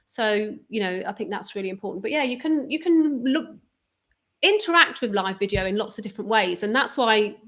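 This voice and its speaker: A friendly woman speaking as a guest on a live stream, at an ordinary pitch for a woman. Her talk is casual and encouraging, full of little restarts and easy agreement. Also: fast, hardly any pauses, bright, forceful tone.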